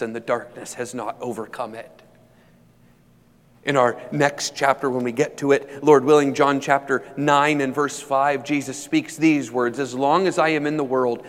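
Preaching man in an echoing hall. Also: mid-range voice. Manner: dynamic preaching, building from hushed to loud emphatic peaks. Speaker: pastor. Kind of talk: sermon. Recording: long hall reverb.

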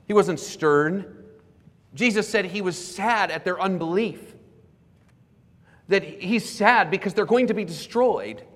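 Earnest male pastor in a reverberant church. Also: fairly high pitch. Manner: earnest, explanatory, repeats key words softly for emphasis. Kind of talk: sermon. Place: church sanctuary. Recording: preached in a reverberant church hall.

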